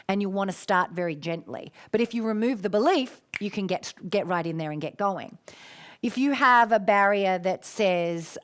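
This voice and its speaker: A middle-aged Australian woman hosting a live-streamed coaching talk, expressive and affectionate with her listeners. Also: mid-range voice. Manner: warm, expressive, calls listeners "my darling".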